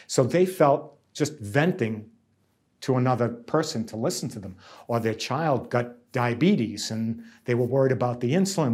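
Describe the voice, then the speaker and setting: A man's voice: mid-range voice, measured pace, darkish tone, slightly rough. A middle-aged man, a union negotiator giving earnest, emphatic interview testimony and often repeating words.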